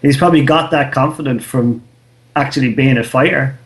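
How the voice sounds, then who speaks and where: An Irish man in his thirties chats on a podcast with a middle-pitched voice. He tells a loose, slangy story and swears freely. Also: fairly quick. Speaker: podcast co-host. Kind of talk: casual chat.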